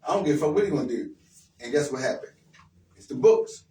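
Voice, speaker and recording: A man's voice: mid-range voice, animated, racing, a little mellow. A man hosting a casual radio talk, speaking bluntly and encouragingly, with street slang and repetition. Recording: roomy sound from far off the mic with faint noise.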